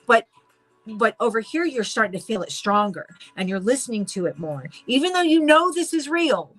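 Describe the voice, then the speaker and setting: A woman giving a casual spoken tarot reading, excitable and rambling with many restarts. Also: on the high side, moderate pace, soft background music. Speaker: tarot reader.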